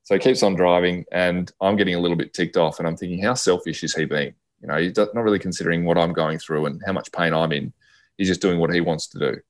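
A man's voice: low-pitched, fast talker. An Australian man, a podcast guest, telling a personal story and acting out the dialogue of the people in it. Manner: lively storyteller who acts out quoted dialogue.

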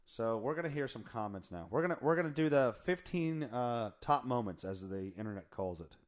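A man hosting a podcast in a casual, joking chat. His voice is hoarse, and he rambles and corrects himself often. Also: medium pitch, animated, a little fast. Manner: rambling, self-correcting, jokey. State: hoarse from singing in the car. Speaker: podcast host.

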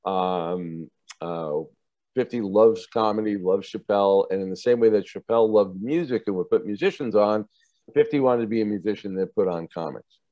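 A TV producer casually recounts career stories in an interview, animated, acting out the voices of the people involved and laughing often. His voice is lowish at a moderate pace, on a dry recording with dull audio.

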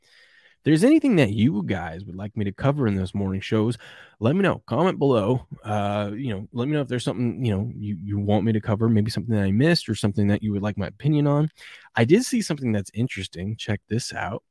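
A man's voice: lowish voice, animated, quick pace, darkish tone, slightly rough, no room sound, clean studio sound. A man hosting a casual morning sports show, rambling and chuckling as he reads viewer comments. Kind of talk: casual live sports chat.

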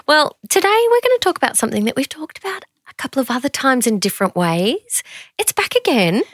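Bubbly woman with a lively voice. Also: high voice, brisk, no echo, clean studio sound. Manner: bubbly and animated, playful. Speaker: podcast co-host. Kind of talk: casual chat.

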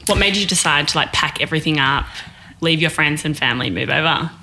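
A woman hosting a casual interview podcast, asking quick, curious questions. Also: deep voice, bright, forceful tone, slight background noise. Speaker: podcast host.

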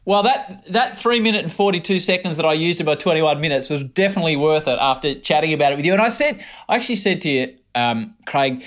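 A man's voice: fairly high pitch, lively intonation, fast, hardly any pauses, a bit bright. A man hosting a podcast interview, asking his guest eager, chatty questions. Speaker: podcast host. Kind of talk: casual interview.

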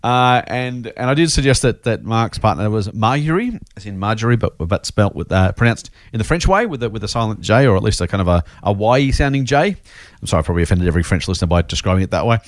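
A man's voice: fairly low pitch, animated, fast talker, dry recording, studio quality. A man co-hosting a casual investing podcast. He is chatty and self-deprecating and often repeats his words. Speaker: podcast co-host.

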